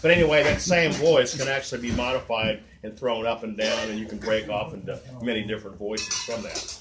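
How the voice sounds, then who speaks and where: A man's voice: on the low side, steady tone, a little fast, echoey room, distant mic, very noisy. A man at an open mic, singing and bantering in a rambling, self-deprecating way. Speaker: open mic singer and impressionist. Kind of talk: casual stage banter and singing. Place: coffee shop, indoors. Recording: live music in a coffee shop. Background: guitar music.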